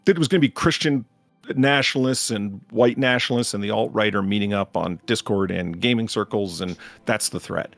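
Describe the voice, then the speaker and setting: A man's voice: on the low side, fairly quick, vocal fry, fairly bright tone, no room sound, faint music behind. A man co-hosting a podcast in casual banter, sarcastic and ranting. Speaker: podcast co-host.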